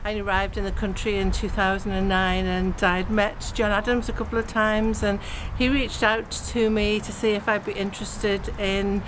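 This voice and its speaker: A woman and ghost walk guide telling a story to camera outdoors in a cemetery, relaxed with frequent ums. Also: medium pitch, normal speed, few pauses, noisy background.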